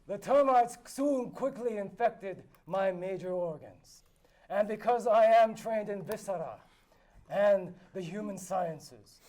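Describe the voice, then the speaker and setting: A man's voice: high voice, mellow. A man playing a boastful male noble who spins absurd, grandiose tall tales in a theatrical storytelling manner. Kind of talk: improvised tall-tale role-play. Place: live convention panel room.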